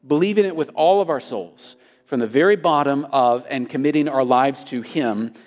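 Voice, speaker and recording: A man's voice: mid-range voice, moderate pace, darkish tone. A male pastor preaching an emphatic sermon, with his intensity rising and falling. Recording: long hall reverb.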